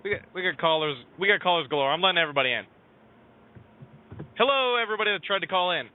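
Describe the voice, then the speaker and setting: A man's voice: high voice, expressive, fast talker. Flustered joking man hosting a call-in show. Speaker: host. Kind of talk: casual call-in show banter. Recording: tinny phone-quality audio.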